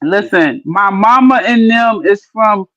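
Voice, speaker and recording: A woman from New York chatting casually on a podcast, with slow, drawn-out, playful banter. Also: medium pitch, lively intonation, lo-fi sound, crowd noise.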